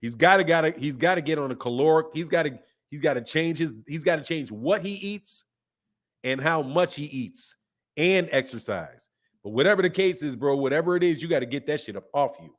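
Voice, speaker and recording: A man's voice: a little high, lively intonation, a little fast. A man in his fifties hosting a boxing channel, talking in loose slangy live-stream chat and laughing often. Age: 50s.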